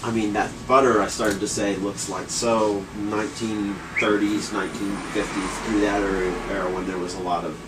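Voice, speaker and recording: A man's voice: lowish voice, little pitch movement, moderate pace, hardly any pauses, far from the mic, background noise. A man casually telling a rambling, laughing story to friends, with some swearing.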